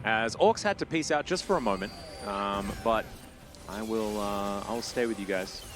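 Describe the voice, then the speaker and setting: A man casting a live esports match on his own, chatting with viewers and jumping up loud and high on big plays. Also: moderate pace. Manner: chatty, talks straight to chat viewers. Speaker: esports caster. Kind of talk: live play-by-play commentary.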